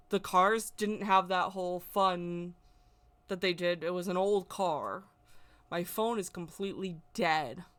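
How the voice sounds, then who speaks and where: A woman's voice: lowish voice, a bit bright. Emotional rambling storyteller woman. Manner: emotional, rambling, repeats words. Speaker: spiritual vlogger. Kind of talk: casual personal storytelling.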